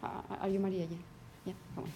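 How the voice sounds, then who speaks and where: A woman's voice: medium pitch, level tone, fast talker, mellow, slight background noise. A woman teaching a pronunciation class, calling on students by name and correcting them encouragingly. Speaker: phonetics teacher.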